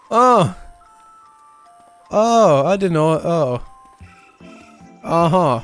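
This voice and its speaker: A man's voice: fairly high pitch, expressive, slow pace, long pauses, soft background music. A man streaming a video game, chatting casually with loose, profane asides, laughing and muttering as he reads the game's lines aloud.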